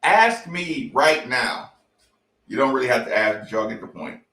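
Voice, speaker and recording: A man's voice: medium pitch, animated, moderate pace, sharp tone, recorded from a distance. A man hosting a sports talk show, ranting in a fired-up, profane, repetitive way. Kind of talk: heated sports talk rant. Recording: echoey room, voice off-mic.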